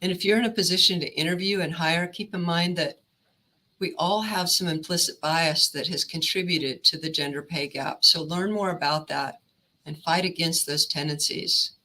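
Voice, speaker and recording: A woman career counselor giving a steady, instructive presentation on negotiating. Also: lowish voice, moderate pace, rough recording.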